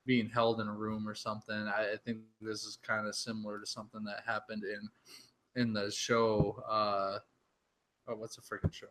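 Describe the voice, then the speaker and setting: A man's voice: on the low side, moderate pace. Man co-hosting a casual podcast. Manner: searching for words, restarts, animated bursts. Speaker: podcast co-host. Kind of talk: casual chat.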